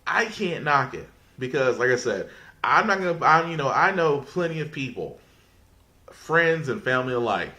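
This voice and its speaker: A man's voice: medium pitch, sing-song, normal speed, bright, forceful tone. A man hosting a podcast, talking in a casual rambling monologue with frequent restarts. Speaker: podcast host.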